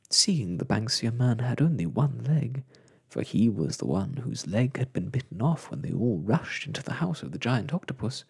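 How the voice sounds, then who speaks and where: A man reading a children's storybook in a soft-spoken ASMR style, slow and hushed. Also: medium pitch, gravelly, slightly rough.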